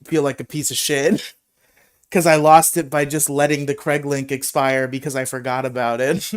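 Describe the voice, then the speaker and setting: Young man, show host, smooth clear voice, jokey, swears, frequent laughter. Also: medium pitch, level tone, moderate pace. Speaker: podcast host. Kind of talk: casual chat on a live show.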